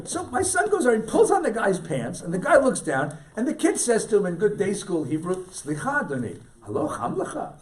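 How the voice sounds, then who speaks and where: A middle-aged man with a high, very lively voice gives a storytelling lecture as a rabbi. He keeps repeating his key lines for weight and throws in jokey asides. He is picked up from some distance in a synagogue hall. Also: a little fast, few pauses.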